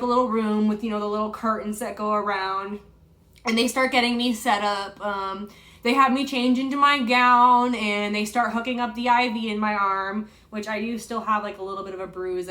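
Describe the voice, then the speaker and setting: A woman's voice: mid-range voice, fairly bright tone. A young woman telling a personal story to camera in a chatty, casual way, full of fillers and retold dialogue. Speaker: vlogger.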